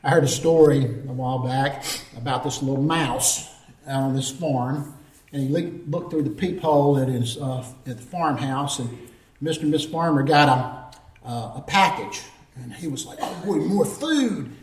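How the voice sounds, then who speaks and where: A man's voice: medium pitch, moderate pace. A man preaching a sermon as pastor, earnest and storytelling, calling for responses from the congregation. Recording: roomy echo, distant mic.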